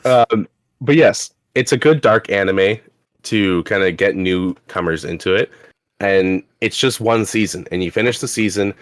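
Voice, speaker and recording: A man's voice: fairly low pitch, a little slow, no echo. A young man from Canada co-hosting a casual podcast, rambling and laughing as he reads out the chat. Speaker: podcast co-host.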